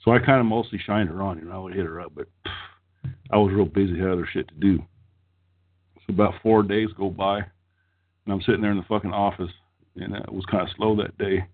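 A middle-aged man spins a long, crude yarn, swearing constantly. His voice is husky and a little rough. It sounds thin and boxy, as if heard over a phone line. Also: low-pitched, steady tone, brisk, long pauses. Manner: profane, rambling, laughs mid-story. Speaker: storyteller on a podcast. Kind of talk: crude casual storytelling.

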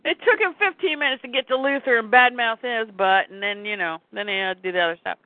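Animated woman reading comics aloud, tinny. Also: a little high, fast, no room sound. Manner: animated, acts out lines in voices. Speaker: podcast co-host. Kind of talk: casual chat, reading comic dialogue aloud. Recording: tinny phone-like, dry sound.

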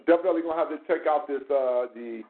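A man talks. His voice sits a bit high for a man and comes through a tinny, phone-like line. He sounds like he is in an echoey room, and he talks animated and profane, firing off rhetorical questions. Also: fast talker. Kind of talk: casual commentary chat.

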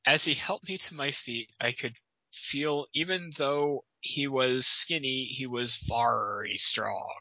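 A man's voice: medium pitch, takes it slowly, pushed and bright, no echo, dull audio. A man co-hosting a comedic fan-story reading, riffing on the text in a sarcastic, incredulous way.

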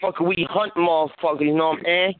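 A man's voice: on the high side, fairly even intonation, quick pace, over a noisy crowd. A man caller on a group phone line, talking in easygoing slangy banter and tagging nearly every line with the same phrase. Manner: laid-back slang, ends almost every line with a tag phrase. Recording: dry tinny phone line.

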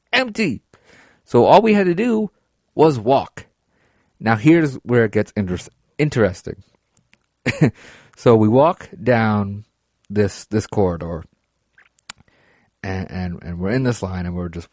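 Male podcast host with a lowish voice, dry close-mic sound; rambling, profane, excitable storyteller. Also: no echo. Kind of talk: casual storytelling.

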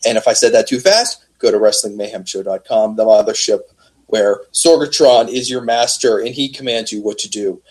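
A man's voice: on the low side, moderate pace, breathy edge, low-quality recording. A man co-hosting a wrestling podcast in a joking, easygoing chat. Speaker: podcast co-host.

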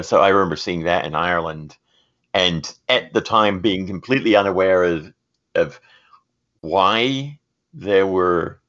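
A man's voice: sits low, fairly bright tone, muffled recording. A man co-hosting a podcast, chatting in a meandering way and laughing easily. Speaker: podcast co-host. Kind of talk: casual chat.

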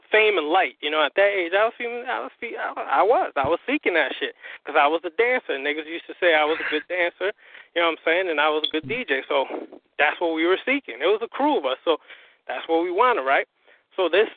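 A man, a guest on a call-in interview, telling his story in an animated, profane way and acting out what others said. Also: a little high. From US Northeast. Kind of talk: casual phone interview. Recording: tinny phone line.

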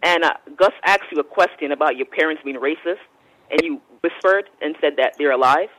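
A woman's voice: deep voice, brisk, fairly bright tone, no echo, poor audio. A woman calling in to a radio show, pressing the guest with probing, skeptical questions. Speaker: caller.

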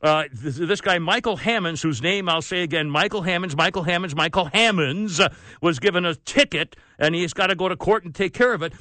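A man's voice: high voice, a little fast, pushed and bright, no room sound. A man hosting a talk radio show, ranting in an exasperated, worked-up way and saying he is sweating. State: sweating, overheated. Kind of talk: opinionated talk radio rant.

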